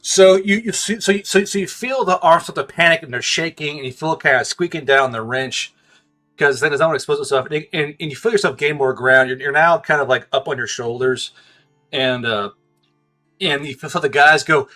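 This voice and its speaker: A man's voice: on the high side, normal speed, pushed and bright, soft background music. A man narrating as game master, stammering, laughing and swearing loosely.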